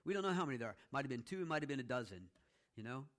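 Man preaching a chatty, animated sermon. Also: medium pitch, racing. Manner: conversational teaching with frequent "okay?" check-ins; animated storytelling with playful asides. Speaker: pastor.

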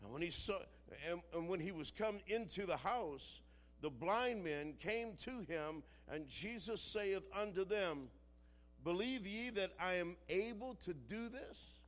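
A man preaching a sermon, moving from quiet storytelling to shouted, dramatic passages. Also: high-pitched.

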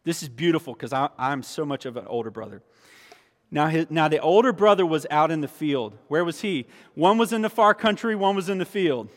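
A man preaching a sermon as pastor, animated and emphatic, often restarting his phrases. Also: on the high side, fairly quick. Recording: long reverb of a large hall.

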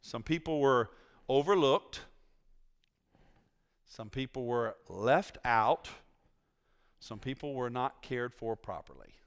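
A man's voice: mid-range voice, slow, pauses often, clear, resonant tone. A male preacher giving a conversational sermon in a church, teasing his congregation and asking them questions.

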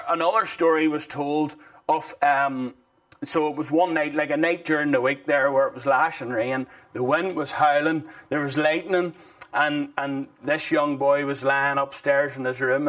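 A man's voice: mid-range voice, a bit bright. Earnest man preaching a sermon. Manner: earnest, conversational, with frequent restarts and "you know".

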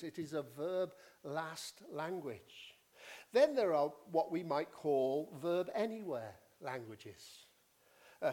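Male preacher, unhurried expository teaching, voice rising and falling a lot, repeats for emphasis. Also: fairly high pitch, a little mellow. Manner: deliberate teaching, emphatic repetition. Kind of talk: expository sermon.

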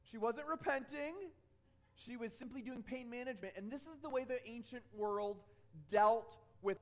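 A man with a fairly high voice delivers a sermon. He keeps it conversational, telling stories from his own life and often stopping to ask "okay?". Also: moderate pace. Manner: conversational, checks in with frequent "okay?"; tells personal stories to explain points. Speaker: pastor.

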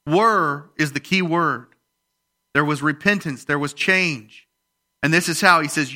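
A male pastor preaching a sermon, rising in emphasis on scripture readings and dropping quiet for personal stories. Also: on the high side, moderate pace.

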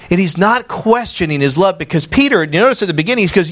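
A man preaching a sermon as a pastor, animated and emphatic, acting out quoted dialogue. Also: high-pitched, fast, few pauses.

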